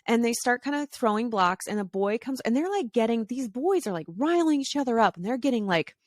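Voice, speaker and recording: A woman in her thirties hosting a podcast, telling stories in a casual monologue and acting out the dialogue with quick voice shifts. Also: a little high, expressive, no echo, studio quality. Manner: chatty with frequent fillers and laughs. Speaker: podcast host.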